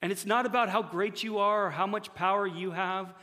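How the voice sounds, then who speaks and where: A male pastor giving a conversational sermon to his church, often acting out quick imagined dialogues. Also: high voice, fairly even intonation, bright, forceful tone, big-room sound.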